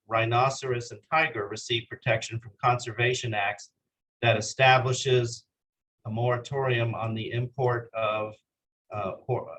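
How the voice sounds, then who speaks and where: A man's voice: mid-range voice, a bit bright, poor audio. A man giving an earnest slide lecture for a legal education course, often hesitating and calling for the next slide. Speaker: continuing legal education presenter.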